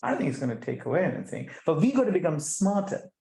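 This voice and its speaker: A middle-aged man speaking as a guest, animated, often restarting and repeating words and putting rhetorical questions to the audience. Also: a little high, fast, creaky. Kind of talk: conversational talk at an online chapter event. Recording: echoey room sound.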